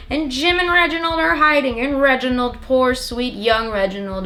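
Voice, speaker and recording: A woman's voice: high voice, moderate pace, hardly any pauses, sharp tone, a little hiss or hum. A young woman recapping a movie in a rambling, sarcastic comedy style, swearing constantly. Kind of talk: profane comedic plot recap.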